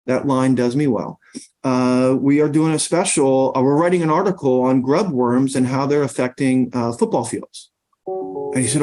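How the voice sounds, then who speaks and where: Mellow-voiced man telling rambling stories. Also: medium pitch, moderate pace. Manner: rambling anecdotes with many fillers. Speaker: podcast guest. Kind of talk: storytelling in casual conversation.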